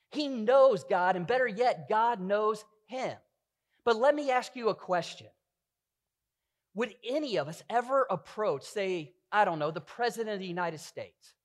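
A middle-aged man preaching a sermon as pastor, earnest and full of rhetorical questions. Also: high voice.

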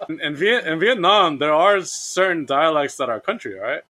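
Casting note: a man with a bright, fairly high voice, quick to exclaim and react. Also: expressive. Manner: 喜 reacting with exclamations, giving advice. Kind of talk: casual chat.

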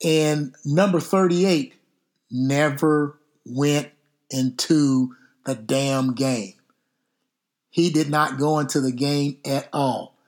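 A middle-aged man, a football coach hosting a podcast, telling stories casually in an unhurried, drawn-out way with some mild cursing. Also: fairly high pitch, steady tone, a little mellow. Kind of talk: casual storytelling.

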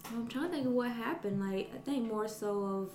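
A woman's voice: fairly high pitch, moderate pace, darkish tone, slight background noise. A woman talking in a hesitant, reflective way, laughing often, in a casual podcast conversation. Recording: roomy echo.

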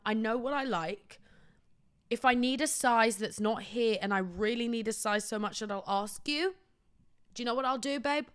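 A woman's voice: on the high side, normal speed, clear, resonant tone. Blunt, sweary British woman host. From Britain. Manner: blunt, sweary, self-deprecating. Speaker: podcast host. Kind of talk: comic storytelling monologue.

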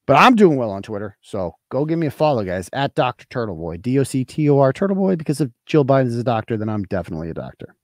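Profane ranting man, lively voice, dry sound. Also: mid-range voice, fast talker, few pauses, no room sound. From Massachusetts. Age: 40s. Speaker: host. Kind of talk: casual livestream talk reading chat.

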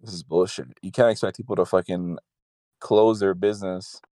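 A man's voice: deep voice, fairly even intonation, moderate pace, warm tone, dry recording. A man from California ranting in casual, heavily profane chat over a video call. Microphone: video call over the internet.

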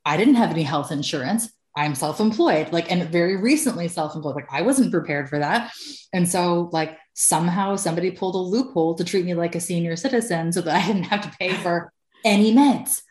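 A woman's voice: fairly low pitch, a little fast, darkish tone. Candid woman in an echoey room. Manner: candid, swears freely, laughs often. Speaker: podcast guest. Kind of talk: candid conversational storytelling.

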